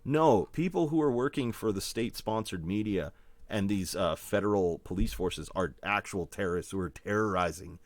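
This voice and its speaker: A man's voice: fairly low pitch, moderate pace, no room sound. A man from Manitoba, Canada, a guest musician telling rambling stories in casual chat, laughing often.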